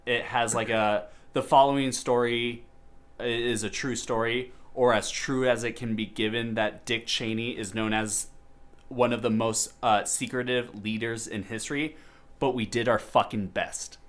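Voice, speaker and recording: A man's voice: mid-range voice, fairly even intonation, normal speed, fairly bright tone. A man hosting a podcast, chatting casually about a movie with many fillers and restarts. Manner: rambling, lots of fillers and restarts. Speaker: podcast host.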